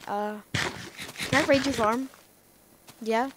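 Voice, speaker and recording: A woman rambling through casual gameplay commentary, talking excitedly to herself and to the game's characters. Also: a little high, slow pace, very noisy. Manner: rambling, excitable self-talk to the game. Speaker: let's play gamer.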